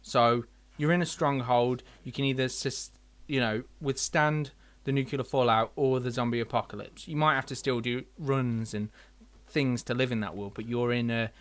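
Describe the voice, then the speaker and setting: A man's voice: medium pitch, steady tone, moderate pace, a bit bright. A man hosting a casual podcast chat, rambling and searching for words, swearing casually. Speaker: podcast host.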